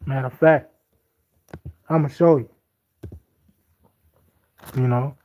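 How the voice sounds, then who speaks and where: A man's voice: mid-range voice, a little mellow. A man teaching from the Bible in an informal talk. He reads scripture aloud, then comments in loose everyday speech, often repeating himself for emphasis. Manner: repetitive and emphatic. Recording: slightly dull lo-fi audio.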